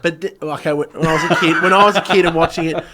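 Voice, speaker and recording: Quick, eager Australian male guest. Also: fairly high pitch, steady tone, very noisy. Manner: enthusiastic, fast, stammering restarts. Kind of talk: casual chat.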